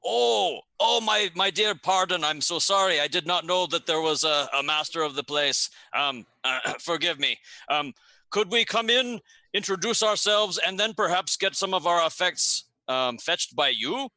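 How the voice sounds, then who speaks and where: A man's voice: sits high, normal speed, bright, forceful tone, dry recording, voice pushed up, full character voice, rough recording. Man doing a flustered, flowery traveling showman. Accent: poor Garundi. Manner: overly polite, flowery, flustered. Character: showman posing as traveling performer Jestil, Reikland.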